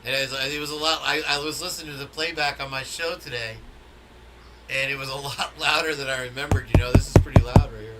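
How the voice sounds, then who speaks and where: A man's voice: medium pitch, fairly even intonation, quick pace. Rambling male podcast host, noisy line. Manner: rambling, repeats words while thinking. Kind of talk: casual podcast banter.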